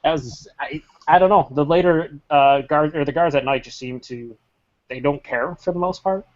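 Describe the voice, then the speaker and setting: A man's voice: a little high, normal speed, a little mellow. A man hosting a casual chat, telling stories in an exasperated tone and swearing often. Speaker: podcast host. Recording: slightly muffled recording.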